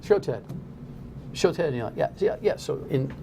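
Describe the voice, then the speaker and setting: A middle-aged man from New Jersey hosting a talk radio show, blunt and rambling, his pitch jumping up when he gets worked up. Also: animated, normal speed, creaky, background noise.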